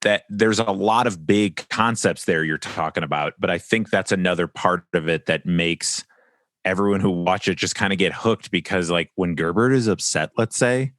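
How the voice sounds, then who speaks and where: A man's voice: deep voice, normal speed, fairly bright tone, no room sound, studio quality. A man hosting a podcast in casual chat, enthusiastic and rambling with fillers. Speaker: podcast host.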